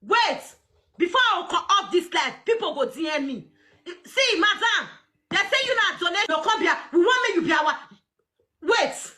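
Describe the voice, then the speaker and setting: Loud high-voiced Nigerian Pidgin woman. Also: expressive, moderate pace. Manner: loud, mocking, often laughing and shouting. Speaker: livestream host. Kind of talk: casual livestream chat.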